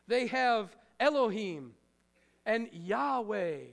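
A man preaching a sermon in a conversational way, joking with the congregation and hitting words with sudden loud emphasis. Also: high-pitched, lively intonation, slow, creaky. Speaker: pastor. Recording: long hall reverb.

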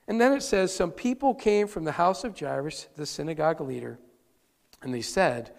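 A man's voice: high-pitched, expressive, normal speed, gravelly. A man preaching a sermon as pastor, earnest and conversational, talking straight to his congregation. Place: church sanctuary. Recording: long reverb of a large hall.

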